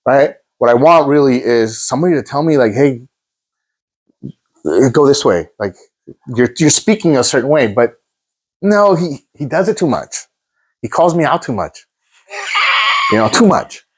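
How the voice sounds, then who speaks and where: A man's voice: mid-range voice, lively intonation, normal speed, pauses often, breathy edge. Earnest man coaching in a self-help talk. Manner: earnest, repetitive restarts, addresses audience as guys. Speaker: host, coach.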